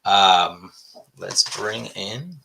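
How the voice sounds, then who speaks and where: A middle-aged man hosts a casual podcast chat with a gravelly, crackly edge. His tone is bright and forward. He talks in a loose, profane, storytelling way. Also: lowish voice, extremely slow. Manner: laid-back, profane, storytelling. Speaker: podcast host.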